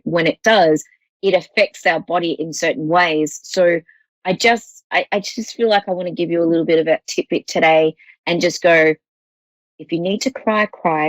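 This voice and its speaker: A woman's voice: fairly low pitch, dry recording, low-quality recording. A woman with an Australian accent hosting a psychic call-in show, talking in a rambling, reassuring way with many restarts. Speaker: psychic medium host.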